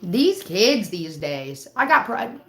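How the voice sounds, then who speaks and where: A woman's voice: medium pitch, sing-song, fairly bright tone, faint music behind. Woman venting on her livestream, cussing a lot, kinda echoey room. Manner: profane, heated, talks fast in bursts. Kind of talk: casual storytelling rant. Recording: roomy echo.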